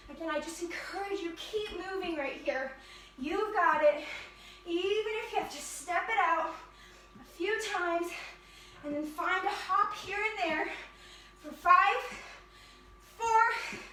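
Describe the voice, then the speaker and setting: A woman leading an energetic yoga fitness class, cheering and counting down reps, slightly out of breath. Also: extremely high pitch, unhurried. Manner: upbeat, encouraging, counts down reps. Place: yoga studio. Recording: echoey room from a distance.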